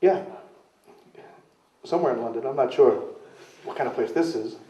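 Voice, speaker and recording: A man's voice: medium pitch, normal speed, dark tone. A man telling rambling, self-mocking stories in a casual interview, often mimicking other people's voices as he quotes them. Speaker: interview guest, wrestler. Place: club venue in London. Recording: roomy, distant, dull sound.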